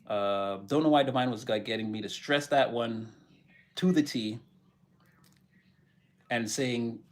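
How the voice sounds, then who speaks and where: A man's voice: medium pitch, measured pace. A man giving a channeled spiritual tarot reading who keeps repeating his key phrases for emphasis. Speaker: tarot reader.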